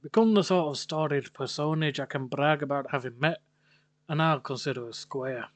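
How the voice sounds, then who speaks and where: Dude doing a chatty scots-irish merchant guy, kinda high, dry sound. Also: moderate pace, dry recording, natural voice. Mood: friendly. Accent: put-on mix of Scottish and Irish. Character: chatty male traveling merchant, friendly.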